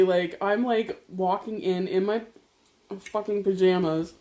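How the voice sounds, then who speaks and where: A woman vlogger telling a personal story while eating dinner, chatty and animated, laughing often and swearing casually. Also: medium pitch, unhurried. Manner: animated, talks to viewers directly.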